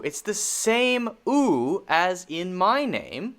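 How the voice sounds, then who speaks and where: A man with an American accent teaching a pronunciation lesson, modeling vowel sounds slowly and repeating words for learners. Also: high voice, very animated, fairly bright tone.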